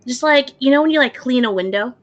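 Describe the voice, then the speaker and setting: Higher-voiced woman running a tabletop game. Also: animated, fast, dull audio. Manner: descriptive, laughs easily, casual. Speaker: game master.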